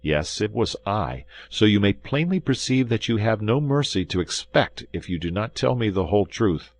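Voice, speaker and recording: A man's voice: fairly low pitch, big pitch swings, moderate pace, no echo, voice pushed up. A man voicing an angry young swordsman who speaks in a stern, commanding, threatening way.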